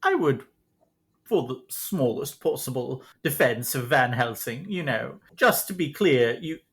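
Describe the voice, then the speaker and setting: A woman's voice: very deep voice, lively intonation, a little slow, heavily acted. A woman playing an ancient vampire in podcast chat, wry, blunt and given to swearing.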